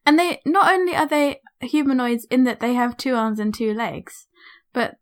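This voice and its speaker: Chatty woman, slightly high voice. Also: lively intonation, normal speed. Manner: rambling, lots of fillers and asides. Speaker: podcast co-host. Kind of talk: casual book-club chat.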